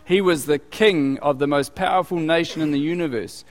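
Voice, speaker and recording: Brief: slightly high-voiced male preacher, conversational and animated, long hall reverb. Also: moderate pace. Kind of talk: sermon.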